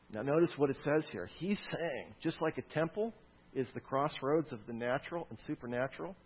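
A man preaching a sermon to his congregation, swinging from loud, stressed lines to soft, quiet asides. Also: mid-range voice, slightly rough, muffled recording. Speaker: pastor.

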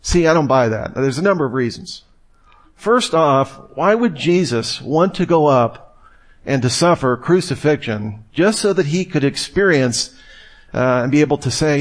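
A man's voice: a little high, animated, moderate pace. Man preaching with rhetorical questions. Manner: conversational storytelling, rhetorical questions. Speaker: speaker. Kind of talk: apologetics sermon to a live audience. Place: room with an audience.

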